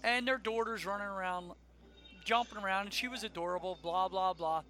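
A middle-aged man co-hosting a casual chat show, talking in an animated, emphatic rant. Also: sits high, fairly quick, over music. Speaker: podcast co-host.

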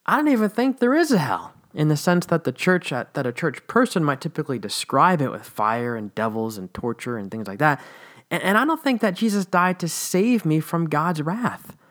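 A man's voice: a little high, animated, normal speed, a bit bright. A man in his late thirties giving a blunt, candid personal monologue about his faith, with wry asides and frank language. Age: 30s. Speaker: former church teacher.

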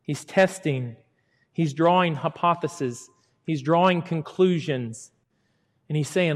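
A middle-aged man preaches with a somewhat high voice, acting out the words he quotes. He swings between loud emphasis and hushed, drawn-out asides. His voice rings with a long reverb in a large hall. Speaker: pastor. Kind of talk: sermon.

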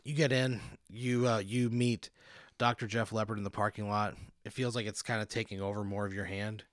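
With a fairly low, brisk voice that barely moves in pitch, a man hosts a podcast and narrates a hypothetical to his guest. He's laid-back, chuckling as he sets up each scene of this casual improvised story, and the studio sound is clean with no echo.

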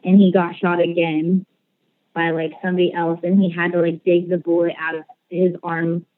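Woman on a crackly phone call, kinda low voice, lots of like and um. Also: level tone, normal speed, no echo. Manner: hesitant, lots of "like" and "um". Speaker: podcast guest on a phone call. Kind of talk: casual storytelling. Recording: tinny phone line.

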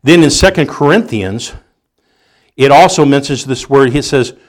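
A middle-aged male pastor preaching a sermon, acting out scenes with rising, near-shouting emphasis. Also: mid-range voice, moderate pace.

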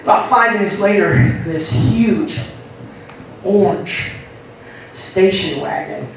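Heavy background noise and a roomy echo surround this sermon, recorded far from the mic. The preacher, a man whose voice sits high, speaks slowly with lively intonation, telling a story with laughs and calling to the congregation for responses.

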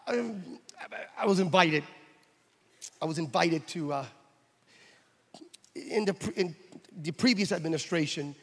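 Emphatic high-voiced preacher in a hall. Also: male voice, a bit bright. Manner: emphatic preaching, acts out dialogue in anecdotes. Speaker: pastor. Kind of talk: sermon with personal storytelling.

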